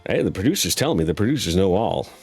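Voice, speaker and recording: A man's voice: deep voice, big pitch swings, fast, a little mellow, faint music behind. A man hosting a streamed game show, teasing his guest with bawdy jokes and running through the rules. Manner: joking, teasing, bawdy patter.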